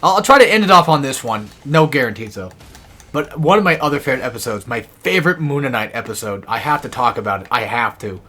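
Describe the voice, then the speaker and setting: A man's voice: animated, fast, pushed and bright. Young man rambling through cartoon scenes. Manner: rambling storyteller, laughing, quoting cartoon lines in high put-on voices. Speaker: co-op gamer. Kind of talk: casual chat while gaming.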